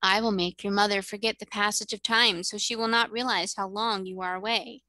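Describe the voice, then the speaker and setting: A woman voicing a gracious, kindly mermaid queen who speaks in a cordial, measured way. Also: mid-range voice, fairly even intonation, sharp tone, no room sound, close to an everyday voice, poor audio.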